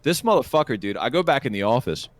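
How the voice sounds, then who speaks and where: A man's voice: mid-range voice, fast talker, dry recording. A man co-hosting a podcast, telling a work story in a casual chat with lots of swearing. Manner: profane, animated storytelling. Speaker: podcast co-host.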